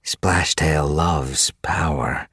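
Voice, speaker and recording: A man's voice: a bass voice, moderate pace, fairly bright tone, breathy edge, no echo, studio quality, full character voice. A man reading an audiobook, voicing a practical female warrior cat in a firm, no-nonsense way.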